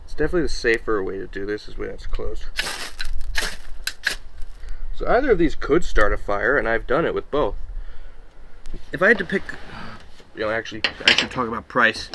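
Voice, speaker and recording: Over a noisy background, a man with a low, animated voice and some vocal fry puts pocket knives through their paces. He's an offhand reviewer who mutters while carving and cutting, tossing out quick exclamations in this casual hands-on demo.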